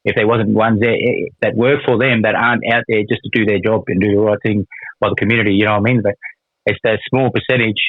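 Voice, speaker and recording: A man's voice: on the low side, fairly even intonation, quick pace, no echo. An Australian man telling a prison story in a rambling, casual way, swearing a lot and using many fillers. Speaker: guest, former prisoner. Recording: tinny phone-like line.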